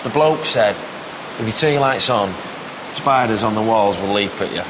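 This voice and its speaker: A man's voice: on the low side, moderate pace, background noise, lightly acted. A man playing a soap opera character who sounds guarded and dry. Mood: wary. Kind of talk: TV drama acting.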